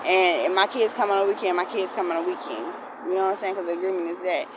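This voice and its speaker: A woman's voice: fairly low pitch, fast, noisy background. A young woman, ranting heatedly in a storytime vlog, swearing often and repeating herself. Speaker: vlogger. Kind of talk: angry storytime rant.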